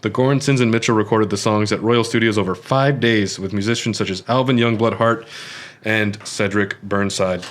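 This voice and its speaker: Relaxed man chatting about a film. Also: fairly low pitch, moderate pace. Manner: relaxed, hesitant, lots of fillers and restarts. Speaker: podcast co-host. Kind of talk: casual film discussion.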